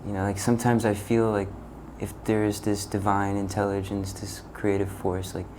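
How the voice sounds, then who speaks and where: A man hosting a podcast who muses slowly and reflectively in casual chat. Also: fairly low pitch, monotone, mellow, a little hiss or hum, low-quality recording. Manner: slow, musing, drawn-out questions.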